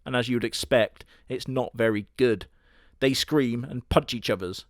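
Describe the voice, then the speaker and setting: A man doing comedic anime review narration in a sarcastic, crude, deadpan manner. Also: medium pitch, normal speed, dry recording, studio quality. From Britain.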